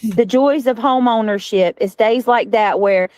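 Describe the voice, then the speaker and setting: A woman's voice: on the high side, unhurried, darkish tone, no echo. A woman ranting casually on her own livestream, complaining and swearing in passing. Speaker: streamer in a played clip.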